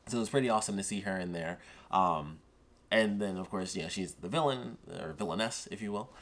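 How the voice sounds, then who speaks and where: A man's voice: deep voice, a little fast, a bit bright. A man giving a casual, rambling spoken review of a TV episode, full of "like" and "of course.".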